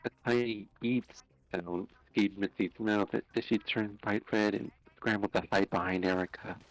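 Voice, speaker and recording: A man narrating a fan story aloud on a live stream, unhurried, with small slips and restarts. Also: lowish voice, fairly even intonation, dry recording, poor audio.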